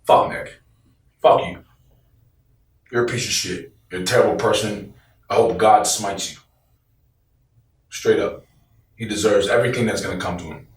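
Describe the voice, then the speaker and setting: With a fairly low voice, moderate pace and frequent pauses, a man recounts his former team days in an interview. The retelling is blunt and profane, enlivened by quoted voices, and the audio has a roomy echo from sitting far off the mic.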